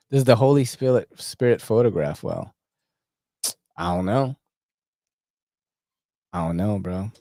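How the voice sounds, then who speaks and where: A man hosting a casual livestream and chatting in a slangy, laughing, animated way. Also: fairly low pitch, slow, pauses often, no echo, clean studio sound. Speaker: host.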